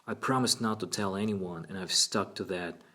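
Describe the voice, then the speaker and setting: A man's voice: deep voice, moderate pace, pushed and bright. A man voicing an earnest, persuasive woman psychologist in an audiobook reading.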